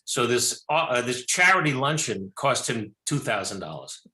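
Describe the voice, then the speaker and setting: Older man telling a story, bright and roomy. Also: medium pitch, moderate pace. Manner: animated storyteller, many restarts and fillers. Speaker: film director and actor, guest. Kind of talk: talk show interview.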